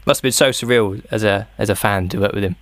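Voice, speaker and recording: A man's voice: on the low side, quick pace, no room sound. Easygoing man hosting a radio interview. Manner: easygoing, encouraging, laughs along. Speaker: radio show host.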